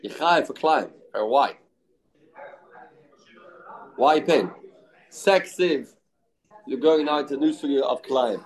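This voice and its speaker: Male Talmud teacher, mid-pitched, brisk back-and-forth reasoning, Yiddish-laced English. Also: low-quality recording. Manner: quick back-and-forth argument mixing English with Aramaic and Yiddish terms. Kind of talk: daf yomi Talmud lesson.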